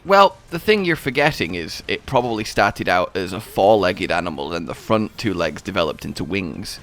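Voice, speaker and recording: A man commentating gameplay in casual banter, jokey and animated, riffing on silly bits with his co-host. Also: low-pitched, normal speed.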